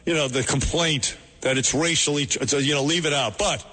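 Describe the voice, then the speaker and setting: A man with a New York accent hosting talk radio, talking through commentary in a rambling, halting way with many restarts. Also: on the high side, sharp tone, husky, long reverb tail.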